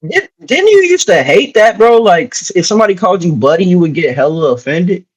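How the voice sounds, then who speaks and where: High, lively young man from Dayton. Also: brisk, husky. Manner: animated, teasing, slangy. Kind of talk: casual chat.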